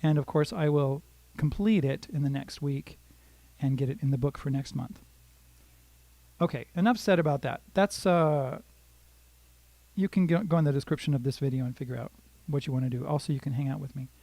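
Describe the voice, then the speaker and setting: A man's voice: fairly high pitch, fairly quick, vocal fry, long pauses, mellow, dry recording. An older man giving a casual, rambling guitar lesson on a live stream. He greets viewers by name and talks them through strumming patterns. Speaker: guitar teacher.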